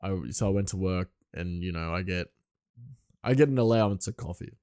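A man's voice: low-pitched, moderate pace, warm tone, clean tone, no echo. Young man, rambling solo podcast chat, dry close sound, laughs often.

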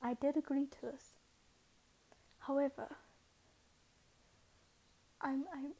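High, soft-spoken rambling young woman. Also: little pitch movement, moderate pace, long pauses, poor audio. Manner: rambling, self-mocking, often drops to a whisper. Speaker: podcast host. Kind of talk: casual monologue.

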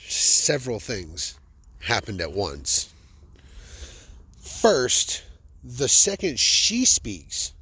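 Husky, animated man telling stories. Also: medium pitch. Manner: animated, joking, self-amused. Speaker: podcast host. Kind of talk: comic personal storytelling.

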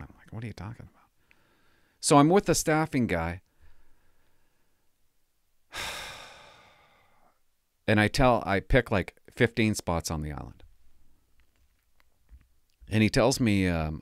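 A man's voice: on the low side, lively intonation, slow pace, pauses often, dry recording, clean studio sound. Rambling man telling a story. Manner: rambling, self-interrupting, laughs at his own story. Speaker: former police cadet telling stories. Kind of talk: casual storytelling monologue.

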